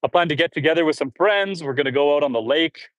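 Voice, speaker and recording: A man from Canada livestreaming from his farm outdoors, talking casually to viewers on a phone as he works. His voice sits a little high for a man, and the sound is dry and close. He grunts and sighs between loads and runs a bit out of breath. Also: quick pace, fairly bright tone, no room sound. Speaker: homestead livestreamer. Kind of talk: casual live chat reading comments while working.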